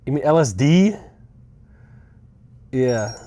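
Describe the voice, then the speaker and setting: A man's voice: mid-range voice, animated, slow, dark tone, lo-fi sound, a little hiss or hum. A young man live-streaming from a rental car, chatting casually, rambling and swearing, with dry sarcastic asides. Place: inside a rental car on a road trip.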